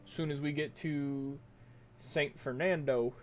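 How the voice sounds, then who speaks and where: A man voicing a big, wealthy, jovial stranger in a tabletop game, loud and drawling. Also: a little high, fairly even intonation, slow pace, soft background music.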